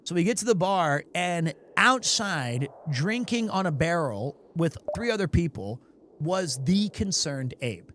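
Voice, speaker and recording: A man streaming a game, telling a long rambling anecdote in a casual, animated way, often restarting his sentences. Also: a little high, unhurried, a little hiss or hum. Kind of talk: casual storytelling while playing a game.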